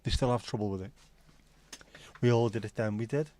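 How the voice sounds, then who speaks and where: This livestream host, a middle-aged South Liverpool Scouser, talks casually and tells rambling stories full of swearing. He speaks in a mid-range voice with a warm tone, a little on the fast side.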